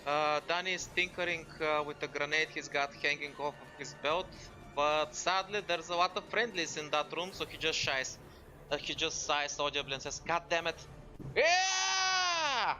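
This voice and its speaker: A man's voice: fairly high pitch, fairly even intonation, moderate pace, sharp tone, a little hiss or hum. A man playing a tabletop game, chatting about the rules and describing what his character does. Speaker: player. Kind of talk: casual tabletop game play.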